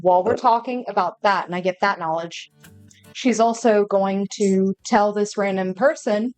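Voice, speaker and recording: A woman's voice: medium pitch, normal speed, darkish tone, smooth, soft background music. A woman player at a tabletop role-play game, moving between narration and speaking in character. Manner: shifts between narrating her character and pleading in a tearful put-on voice.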